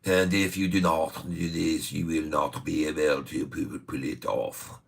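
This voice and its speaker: His voice is very deep and slightly rough with vocal fry, level in tone and a little slow. He's a middle-aged man running a day-trading livestream, joking around casually, often laughing and repeating himself.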